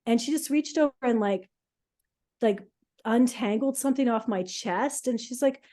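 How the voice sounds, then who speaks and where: A middle-aged woman, a podcast co-host, telling her own healing story in an emotional, halting way with many fillers. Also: fairly high pitch, warm tone. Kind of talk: casual personal storytelling.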